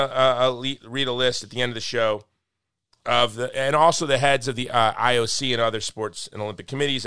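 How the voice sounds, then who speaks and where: A man's voice: mid-range voice, sharp tone, no room sound, clean studio sound. A man hosting a podcast in casual chat, speaking with passion and repeating points for emphasis. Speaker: podcast host.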